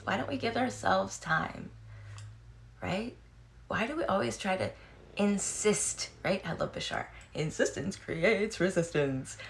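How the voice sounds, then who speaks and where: A woman's voice: medium pitch, creaky, a little hiss or hum. A woman in her thirties talking frankly and casually to camera, swearing freely, laughing often and acting out quoted voices. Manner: animated, acts out quoted voices. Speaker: vlogger.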